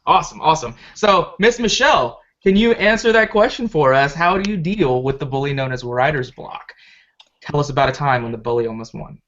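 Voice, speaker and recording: A moderator hosting a writing panel, talking in an effusive, excitable way. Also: medium pitch, fairly quick, dull audio.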